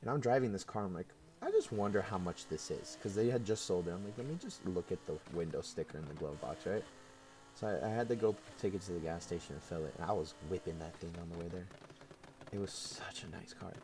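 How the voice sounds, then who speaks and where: A man's voice: low voice, fast talker, a little hiss or hum. A young man streaming, telling a work story in casual chat with lots of laughs. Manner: animated storytelling with frequent laughs.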